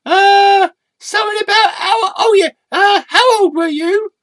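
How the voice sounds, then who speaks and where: A man voicing a brash, crude red sock puppet that shouts in a shrill voice. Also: measured pace, dry recording. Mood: rowdy.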